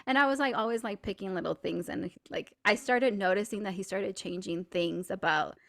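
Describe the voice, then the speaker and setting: A woman co-hosting a podcast, telling a personal story in casual chat, saying "like" a lot and getting animated and laughing as she goes. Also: medium pitch, normal speed, vocal fry. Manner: chatty, fills speech with "like"; animated and laughing while retelling stories. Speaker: podcast co-host.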